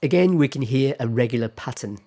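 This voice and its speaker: A man giving a pronunciation lecture, speaking deliberately and repeating example words several times to demonstrate them. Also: medium pitch, expressive, mellow.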